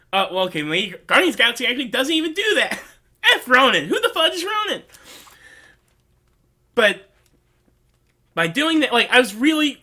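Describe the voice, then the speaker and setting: A man with a high, bright voice talks through his favorite films in a loose, rambling vlog. He says "like" constantly and wears his feelings openly. His tone stays earnest and sincere. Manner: rambling, heavy use of "like", earnest and emotional. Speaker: host. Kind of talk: casual movie review vlog.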